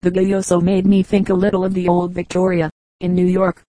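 Woman narrator, low flat delivery, mellow tone, dry close sound; steady audiobook reading. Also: fairly quick, dry recording, low-quality recording. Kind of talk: audiobook reading of a travel memoir.

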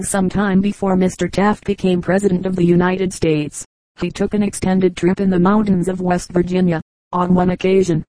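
A woman reading a collection of humorous anecdotes aloud as an audiobook narrator, in a steady reading delivery. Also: fairly low pitch, no room sound, low-quality recording. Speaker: audiobook reader.

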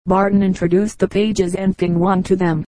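Woman reading in a flat, mellow voice. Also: medium pitch, moderate pace, no echo, rough recording. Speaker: audiobook reader. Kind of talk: scripted narration.

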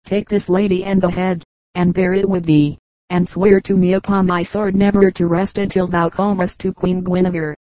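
A woman's voice: lowish voice, little pitch movement, normal speed, mellow, no room sound, natural voice, rough recording. A woman reading the lines of a stern, righteous male knight in stately archaic speech, in an audiobook reading.

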